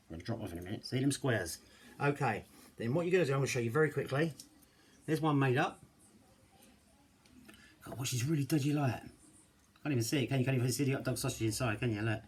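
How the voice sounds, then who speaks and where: A man's voice: medium pitch, husky. Chatty man rambling to camera. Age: middle-aged. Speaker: home cooking vlogger. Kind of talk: casual chat to camera. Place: home kitchen, indoors. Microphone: camera mic.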